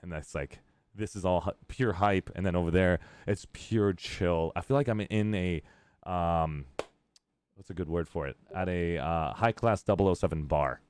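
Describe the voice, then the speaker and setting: A man hosting a casual gaming live stream, upbeat and rambling and quick to laugh. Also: deep voice, a little mellow, clean tone. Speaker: streamer host.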